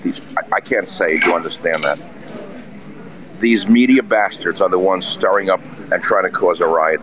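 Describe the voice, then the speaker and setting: Man, very low voice, combative scornful rant, loud restaurant chatter behind. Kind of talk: ranting monologue. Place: busy restaurant, indoors. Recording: noisy restaurant crowd chatter. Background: restaurant crowd chatter.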